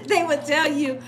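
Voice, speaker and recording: This cooking channel host has a very high voice, with slight background noise in the recording. Streaming live from her home kitchen, she chats casually, tells stories in an animated way, and laughs often.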